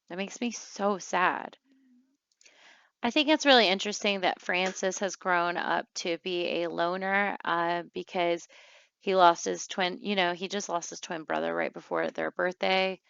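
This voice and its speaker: A woman's voice: on the low side, vocal fry, fairly bright tone, smooth, no room sound, highs cut off. A woman giving casual gameplay commentary as a let's play host, emotional and chatty with many fillers and restarts.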